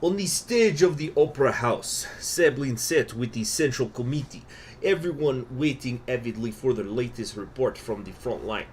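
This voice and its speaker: A man's voice: mid-range voice, animated, moderate pace, a little hiss or hum, natural voice. A man reading game event text aloud in a put-on Russian accent, in a theatrical storytelling manner. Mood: dramatic.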